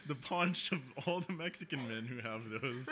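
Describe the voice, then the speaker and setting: A man co-hosting a podcast in casual chat, giving mock-serious, deadpan jokes. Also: a little high, normal speed. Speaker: podcast co-host. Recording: dull lo-fi podcast audio, faint hiss.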